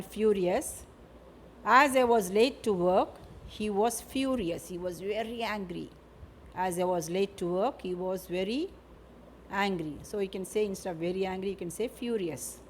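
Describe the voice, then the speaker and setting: A woman teaching an English vocabulary lesson. She speaks slowly, repeats each word and example, and ends points with a tag question. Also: mid-range voice, a little mellow, slight background noise.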